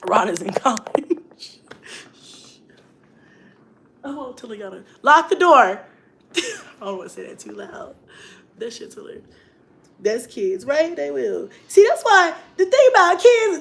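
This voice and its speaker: A middle-aged mom vlogger with a very high voice chats in an animated, casual way on a live stream, occasionally breaking off to call out to her kids at home.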